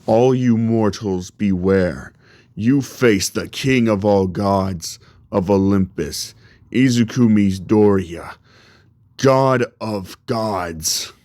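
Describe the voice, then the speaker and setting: A man voicing a proud young god-king who makes slow, grand, solemn declarations. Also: lowish voice, darkish tone, dry recording. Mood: regal, stern.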